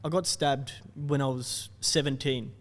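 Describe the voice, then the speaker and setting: A young Australian man, a content creator, telling stories in a loose, animated way and laughing often. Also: mid-range voice, measured pace, big-room sound. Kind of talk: casual storytelling chat.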